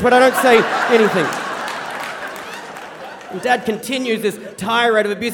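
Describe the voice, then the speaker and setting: A young man telling a true story on stage, animated and wry, acting out the people in it. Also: very high-pitched, quick pace, crowd noise, noisy background. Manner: animated, wry, acts out the quoted voices. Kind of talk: first-person storytelling on stage. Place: theater stage. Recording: live stage sound with hall reverb.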